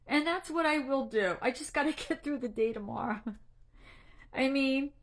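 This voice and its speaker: Middle-aged woman, anxiety coach, earnest and a bit preachy on a live talk, tearful, voice sits a touch high. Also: moderate pace. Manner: earnest, direct, a little preachy. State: tearful, emotional. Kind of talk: casual livestream talk to a group.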